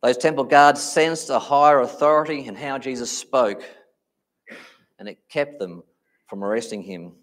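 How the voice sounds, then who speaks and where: A man preaching a sermon, speaking emphatically and slowing down to stress key phrases. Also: medium pitch.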